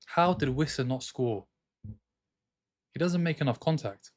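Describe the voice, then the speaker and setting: A man hosting a live football watchalong, reacting to the match and arguing with his chat in an excitable way. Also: medium pitch, a little slow. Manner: excitable, jumps between commentary and arguing with chat.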